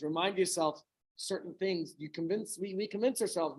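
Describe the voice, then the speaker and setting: A man's voice: high-pitched, a little fast, pauses often, breathy edge, poor audio. Middle-aged rabbi guy telling a story to a small crowd, wanders off into chatty side-notes, keeps asking the room stuff. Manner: rambling storytelling with chatty asides and questions to listeners. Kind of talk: informal Torah talk to a small group.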